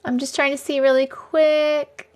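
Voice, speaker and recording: A young woman with a high voice hosts a casual live stream. She chats and laughs easily and answers viewer comments as they arrive. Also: flat delivery, unhurried. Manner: chatty, laughs often, reacts to comments. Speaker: live-stream host reading viewer stories.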